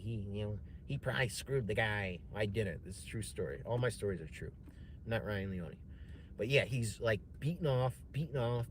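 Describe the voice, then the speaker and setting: Brief: young adult man, casual stream storyteller, mid-pitched, swears a lot, rambles, faint ambience behind. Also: slight background noise. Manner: profane, rambling, animated retelling with many fillers. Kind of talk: casual storytelling to a livestream chat.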